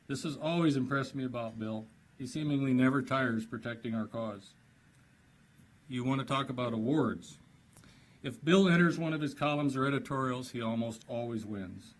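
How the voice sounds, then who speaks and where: A man's voice: medium pitch, rough recording. A man giving a praising, lightly humorous speech that introduces an award honoree at a dinner. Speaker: presenter. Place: banquet hall.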